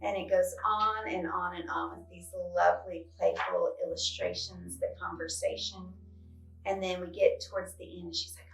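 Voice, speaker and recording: A woman librarian recommending children's books, telling their stories in an animated way with frequent exclamations. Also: on the low side, moderate pace, creaky. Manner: animated storytelling, exclaims often. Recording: roomy echo, distant mic, faint guitar music.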